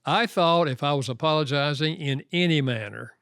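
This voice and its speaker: A man's voice: a little high, normal speed, gravelly, a bit bright, smooth, no room sound, studio quality. A man who works as a marriage counselor and author, telling stories in an interview and acting out quoted dialogue. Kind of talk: interview storytelling.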